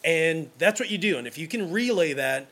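This man's voice is on the high side and fairly bright, with lively intonation and a moderate pace. A wedding photographer from Brooklyn, New York, he offers advice in a casual, enthusiastic ramble full of restarts.

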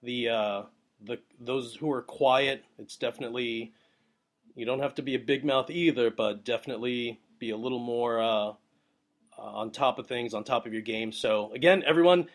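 A young adult man hosting a show, telling a rambling casual story and giving advice, with many fillers and excitable bursts. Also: medium pitch, moderate pace. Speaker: wedding photographer, podcast host.

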